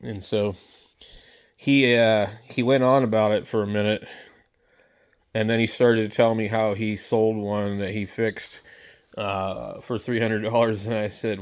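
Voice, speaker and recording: A man's voice: fairly low pitch, little pitch movement, measured pace, smooth. A man vlogging, telling a story in a blunt, rambling way with many fillers. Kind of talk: casual storytelling rant to camera.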